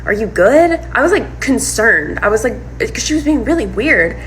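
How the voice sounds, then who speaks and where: A woman telling a personal story in a casual monologue, animated and full of "like" and "um". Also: fairly high pitch, moderate pace, a little hiss or hum, low-quality recording. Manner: animated retelling, heavy use of "like" and "um". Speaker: storyteller recounting her breakup.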